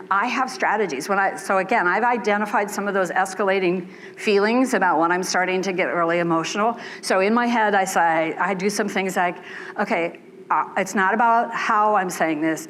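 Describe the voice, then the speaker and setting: A woman's voice: mid-range voice, fairly bright tone, slight background noise. An older woman giving a conference keynote, candid and chatty, often checking in with the audience with 'right?' and filler ums. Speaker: keynote speaker. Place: conference hall.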